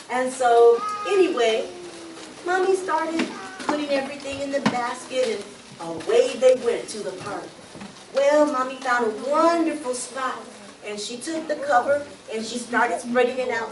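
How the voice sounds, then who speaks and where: Animated woman storyteller, high voice. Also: normal speed, a crowd in the background. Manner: animated, asks the audience to call out answers. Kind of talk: bilingual children's storytelling. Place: library room with an audience. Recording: echoey room recorded from far off. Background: audience of children responding.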